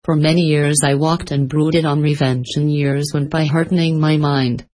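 A woman's voice: low-pitched, fairly even intonation, moderate pace, darkish tone, close to an everyday voice. A woman reading the lines of a bitter, guilt-ridden old man held in chains, in a storybook telling.

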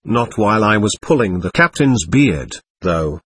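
A man voicing an excitable, melancholy young man who rambles through toasts and gloom. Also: lowish voice, unhurried, husky, pitched below the performer's own voice, full character voice. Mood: brooding.

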